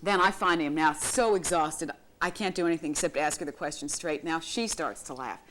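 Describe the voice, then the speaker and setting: A middle-aged woman, a television reporter, telling lively anecdotes as a guest on a live broadcast and laughing through her words. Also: deep voice, brisk. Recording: faint clicks and noise, 1990s broadcast tape.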